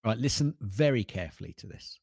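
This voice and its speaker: A playful male podcast co-host who laughs a lot in casual chat. His voice moves lively through its pitch range, recorded dry and close. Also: fast, vocal fry, breathy edge, dry recording.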